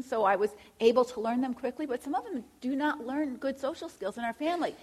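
A woman's voice: high-pitched, breathy edge. A middle-aged woman giving an earnest faith-based teaching talk as a Christian counselor, speaking directly and asking rhetorical questions.

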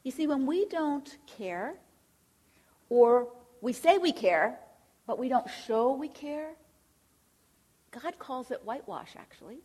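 High breathy woman teaching on faith. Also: lively intonation, slow pace, pauses often, a little mellow. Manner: earnest, direct, asks rhetorical questions. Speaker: Christian counselor and speaker. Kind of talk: faith-based teaching talk.

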